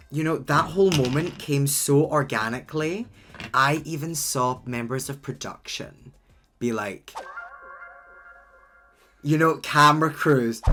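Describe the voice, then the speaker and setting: Animated gossipy drag queen. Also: medium pitch. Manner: animated, gossipy storytelling with sudden loud outbursts. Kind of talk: casual chatty recap while doing makeup.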